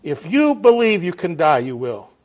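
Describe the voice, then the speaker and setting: A man preaching a sermon in a folksy, animated way, often checking in with his listeners. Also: a little high, normal speed. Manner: folksy, animated, frequent "right?" and "okay?" to the audience. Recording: dull lo-fi sound.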